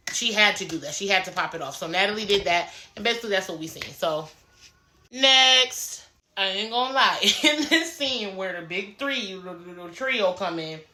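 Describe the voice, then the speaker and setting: A woman, casually recapping a reality show in a blunt, profane, animated way and acting out the cast members' lines. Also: on the low side, echoey room.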